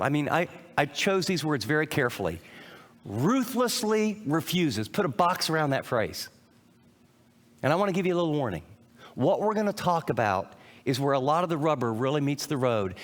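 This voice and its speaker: A man's voice: fairly high pitch, a bit bright, big-room sound. A man preaching a sermon as a pastor, emphatic and repetitive, telling listeners what to note down. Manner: emphatic, repeating phrases, directing listeners to their notes.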